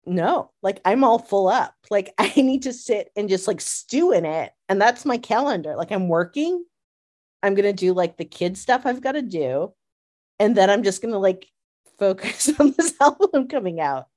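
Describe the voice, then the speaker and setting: A woman in casual fan chat, an animated storyteller who laughs often and fills her talk with "like.". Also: medium pitch, normal speed. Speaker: podcast co-host.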